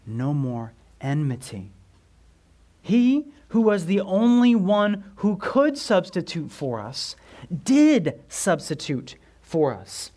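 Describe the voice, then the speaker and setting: Male pastor, sermon, slow measured delivery, emphatic with hushed drops. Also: a little high, huge pitch swings. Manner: emphatic preaching, swinging from loud stress to near whisper; addresses congregation with questions.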